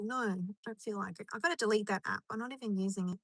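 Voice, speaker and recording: A woman's voice: medium pitch, brisk, no echo. A woman chatting on a live stream from her car in a rambling, chatty way, answering comments as they come in. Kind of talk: casual live stream chat.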